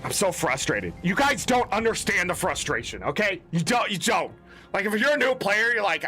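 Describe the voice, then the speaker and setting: A man's voice: high-pitched, very animated, normal speed, sharp tone, soft background music. A man ranting in exasperated, emphatic commentary as a gaming content creator, swearing often.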